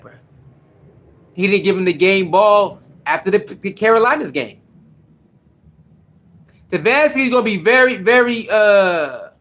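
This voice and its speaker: A man hosting a casual sports livestream, talking in an animated, repetitive, slangy way and greeting viewers in the chat by name. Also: sits high.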